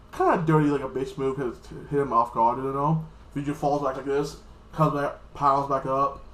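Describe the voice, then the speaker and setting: In an echoey room, a man with a voice on the high side recaps an anime episode casually and rambles a bit. As an anime reviewer, he often acts out the characters' lines in quick voices.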